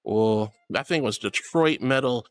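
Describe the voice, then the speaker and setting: A man's voice: mid-range voice, measured pace, no echo. A man streaming as a VTuber, casually reading chat aloud with an affectionate, playful manner, calling viewers sweetie and honey. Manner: playful, giggly, teasing. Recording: faint music under the voice.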